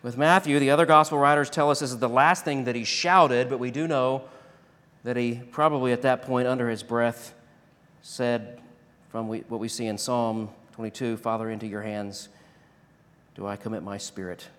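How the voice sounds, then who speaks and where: A pastor delivering a sermon and closing prayer, rising to loud emphatic declarations and dropping to hushed, slow prayer. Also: male voice, mid-range voice, fairly even intonation. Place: church sanctuary. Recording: long reverb of a large hall.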